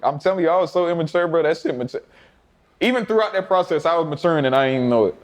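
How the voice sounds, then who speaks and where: A young man from Alabama, telling animated, profane stories with laughter in a casual interview. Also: a little high, racing. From Mobile, Alabama. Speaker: interview guest.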